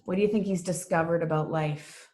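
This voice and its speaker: A woman's voice: fairly low pitch, fairly even intonation, a little fast, dark tone. A woman reading teacher leading a live online reading class over a video call, chatty and encouraging with a self-deprecating humor. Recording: roomy echo.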